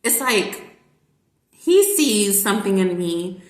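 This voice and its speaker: A woman's voice: medium pitch, sing-song, takes it slowly, roomy sound. A woman who teaches reading online, chatting casually in a rambling way with many fillers. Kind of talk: casual vlog chat.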